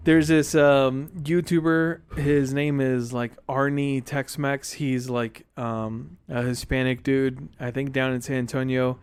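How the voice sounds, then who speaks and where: A young man co-hosts a laid-back podcast, his voice smooth and resonant. He talks loosely and rambles, with plenty of filler words. His pitch sits in an ordinary middle range. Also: level tone, slow pace, few pauses. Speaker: podcast co-host. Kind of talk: casual chat.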